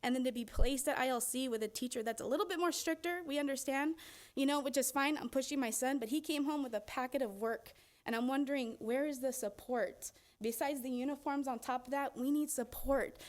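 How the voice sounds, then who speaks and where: A woman's voice: high voice, a little fast. A woman speaking as a parent in public comment at a school board meeting, earnest and pleading, close to tears.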